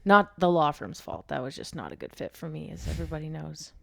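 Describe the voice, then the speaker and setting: A woman hosting a podcast, chatting candidly and poking fun at herself, often trailing off quietly. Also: low voice, sing-song, fairly quick, gravelly, no echo, studio quality. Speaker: podcast host. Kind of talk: casual chat.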